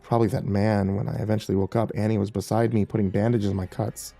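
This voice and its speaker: A man narrating a first-person horror story in a measured, tense way. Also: on the low side, little pitch movement, gravelly, mellow, no room sound, faint music behind.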